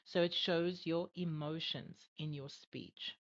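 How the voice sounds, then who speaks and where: A woman's voice: deep voice, steady tone, takes it slowly. A woman acting as an IELTS examiner and tutor in an online English lesson, encouraging and full of "all right" and "okay". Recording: dull lo-fi audio.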